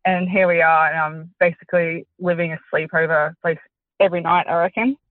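An Australian woman in her thirties calls in for a casual phone-in chat over a tinny phone line, with no echo. Her voice is fairly low with fairly even intonation and a brisk pace, and she's chatty and rambling, giggling frequently.

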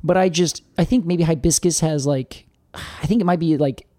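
A man's voice: a little high, moderate pace, dark tone, no echo. A man co-hosting a podcast in casual chat, rambling and often searching for words with fillers. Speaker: podcast co-host.

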